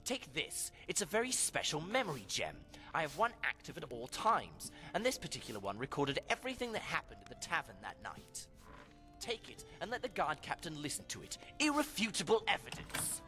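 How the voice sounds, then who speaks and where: A man's voice: on the high side, wildly swooping pitch, fairly quick, bright, forceful tone, full character voice. An actor playing a scheming, haughty male elf mage in a video game, with a nasal, theatrical voice. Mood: confident. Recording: game audio over background music.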